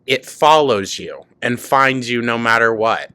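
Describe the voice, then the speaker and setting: A man hosting a reaction commentary, cutting in with quick mocking, sarcastic asides. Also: mid-range voice, bright, forceful tone, smooth, no echo. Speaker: commentary host.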